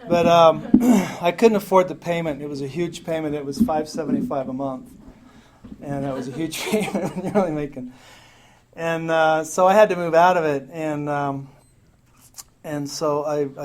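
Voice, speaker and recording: A man's voice: fairly high pitch, fairly even intonation, moderate pace, a crowd in the background, low-quality recording. Joking, profane man at a meeting. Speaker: speaker at a recovery meeting. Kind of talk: casual storytelling talk. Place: meeting room with a crowd. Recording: live meeting talk with audience laughter.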